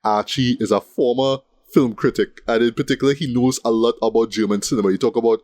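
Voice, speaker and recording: A man co-hosting a laid-back film podcast, talking in loose, rambling runs and checking in with "right?" at every turn. His voice sits at an ordinary middle pitch. The sound is dry and close, with no room around it. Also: steady tone, quick pace, hardly any pauses, darkish tone, dry recording. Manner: rambling, repeats "right?" often. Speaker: podcast co-host. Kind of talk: casual film review chat.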